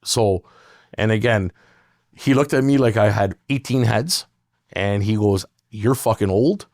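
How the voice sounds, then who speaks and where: A man with a lowish voice spins loose, rambling stories in a casual podcast chat. He swears freely and breaks into laughs, and the sound is close and dry with no room around it. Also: unhurried, a little mellow, no echo. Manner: rambling storyteller, swears a lot, laughs often.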